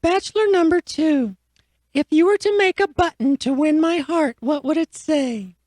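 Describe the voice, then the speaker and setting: A woman's voice: high-pitched, moderate pace, a little mellow, no room sound, lightly acted. A woman playing a naive, gushing contestant on a dating show in an improv comedy radio sketch.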